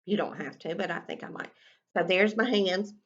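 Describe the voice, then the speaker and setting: A kindergarten teacher modelling a writing lesson for young children, talking slowly in a sing-song way and stretching out sounds while she writes and draws. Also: medium pitch, lo-fi sound.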